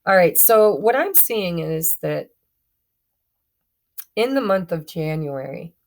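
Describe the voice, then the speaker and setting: Woman doing a tarot reading, slow and kinda gravelly, rambly, fixes her words a lot. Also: lowish voice, big pitch swings. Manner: chatty, stumbling, self-correcting. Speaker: tarot reader. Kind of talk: casual tarot reading to camera.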